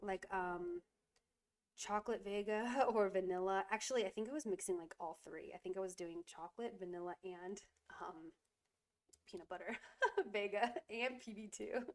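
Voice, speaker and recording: A woman's voice: moderate pace, darkish tone. A woman chatting casually while livestreaming resin crafts at home, giggly and apologetic, full of fillers, with a stuffy nose. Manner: high coaxing voice when soothing her cat. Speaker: resin jewelry streamer. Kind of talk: casual live-stream chat.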